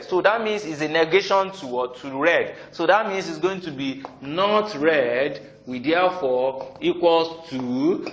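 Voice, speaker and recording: A man's voice: medium pitch, a bit bright. A man teaching probability, who keeps asking "what?" and then answers himself. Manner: keeps asking the class "what?", answers his own questions. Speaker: math teacher. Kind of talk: classroom lecture. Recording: echoey room, voice slightly distant.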